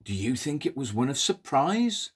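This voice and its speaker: A man telling a Bible story to toddlers in an animated, sing-song way, coaxing the children to pull faces. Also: medium pitch, normal speed, slightly rough.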